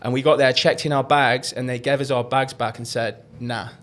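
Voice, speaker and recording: A man's voice: mid-range voice, little pitch movement, a little fast, a bit bright. A young man, rambling through travel stories in casual podcast chat and swearing freely. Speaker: podcast co-host.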